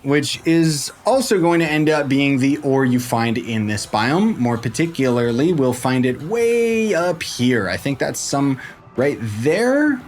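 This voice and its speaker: Goofy, rambling man narrating gameplay. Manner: playful, rambling, jokey asides with sudden pitch jumps. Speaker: game guide creator. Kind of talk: casual gameplay tutorial commentary. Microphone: desk microphone.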